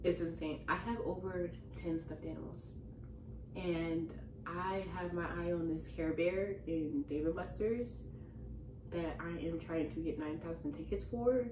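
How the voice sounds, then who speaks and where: A woman's voice: lowish voice, unhurried, background noise. Chatty young woman in a roomy space. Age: young adult. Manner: chatty, slangy, relaxed. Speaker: vlogger. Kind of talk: casual Q&A chat. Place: room with stuffed animals behind her. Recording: roomy echo.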